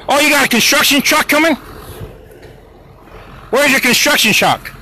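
A parent's handheld vlog captures him in a heated, repetitive confrontation with road workers on a street near a school. His very high voice is bright and forceful at a moderate pace. There is a little hiss or hum on the rough recording.

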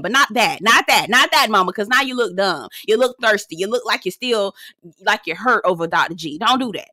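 A young adult woman giving a sassy, slang-filled casual recap of a reality show, breaking into high-pitched outbursts. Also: pushed and bright, dry recording, clean studio sound.

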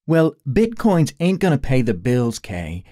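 A man's voice: mid-range voice, huge pitch swings, unhurried, dark tone, no echo, studio quality, pitched above the performer's own voice. A man voicing a sassy young woman detective partner with a teasing, bubbly manner. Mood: pleading. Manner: teasing, effervescent.

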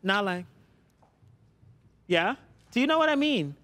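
High-voiced man coaching dancers. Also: big pitch swings, a little slow, a bit bright. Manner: coaxing, repeats "yeah?" to check understanding. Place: dance studio.

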